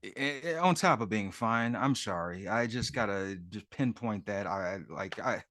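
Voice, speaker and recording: Lively, joking man on a dry mic. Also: on the low side, unhurried, dry recording. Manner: joking, crude asides. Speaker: podcast co-host. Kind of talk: casual profane chat.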